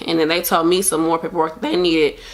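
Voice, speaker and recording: A woman's voice: low voice, flat delivery, fairly quick. A young woman chatting casually to camera about her pregnancy, open and emotional, rambling with lots of fillers. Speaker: vlogger sharing a pregnancy update.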